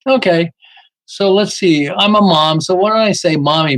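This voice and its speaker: A man's voice: a little high, moderate pace, a bit bright, poor audio. A man telling marketing stories in a podcast interview, emphatic and often asking "okay?" as he acts out little dialogues. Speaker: podcast guest, marketing author. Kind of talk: animated storytelling interview.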